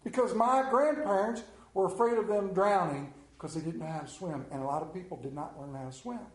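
Animated high-voiced preacher man, echoey room. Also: brisk. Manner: animated storytelling, acts out scenes with big pitch swings. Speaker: pastor. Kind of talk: sermon. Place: room with a congregation.

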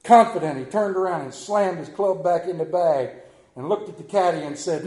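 A man preaching a sermon, telling folksy stories and swinging between loud emphasis and quiet asides. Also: on the high side, animated, moderate pace, reverberant. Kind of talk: sermon with anecdotes.

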